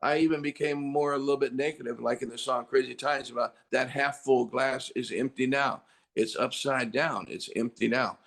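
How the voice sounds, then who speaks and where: An older male rock singer talks through an interview with a gravelly, rough-edged voice at a middle pitch. He tells his stories with energy and often acts out what others said, jumping up loud for the quoted lines. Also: moderate pace. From United States. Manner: animated storyteller, acts out quotes loudly. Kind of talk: casual interview chat.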